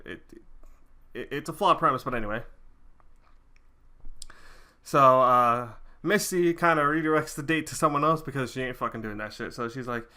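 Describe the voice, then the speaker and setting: A young man chats through a casual recap for his reaction video. His voice is bright and forward, and he rambles, stumbling and restarting with plenty of fillers. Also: mid-range voice, normal speed, pauses often.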